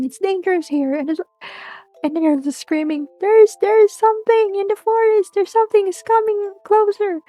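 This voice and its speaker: High-voiced woman. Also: a little mellow. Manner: rambling, with many restarts and giggles. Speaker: streamer. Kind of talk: casual spooky storytelling.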